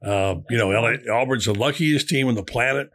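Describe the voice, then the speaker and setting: Sports talk host guy, grumpy and jokey, bright sharp voice. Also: mid-range voice, fairly quick. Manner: gruff, exasperated, wisecracking.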